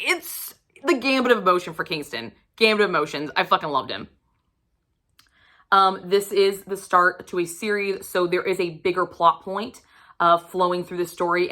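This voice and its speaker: A woman's voice: mid-range voice, pushed and bright. A woman giving a casual book review vlog, emphatic and profane, acting out her own reactions.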